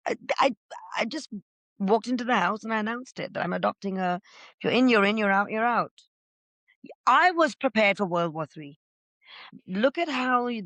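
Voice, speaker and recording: A middle-aged woman, a podcast guest, telling her own story with feeling, loud and gregarious by her own account. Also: on the low side, creaky, dry recording. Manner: expressive, says she is loud and gregarious. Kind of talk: emotional personal storytelling.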